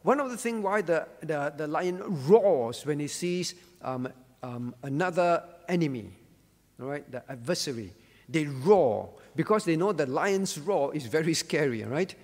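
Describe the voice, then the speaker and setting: A man's voice: a little high, expressive, measured pace, darkish tone, long reverb tail. A male pastor leading an interactive Bible study, asking questions, calling on listeners by name and repeating key words.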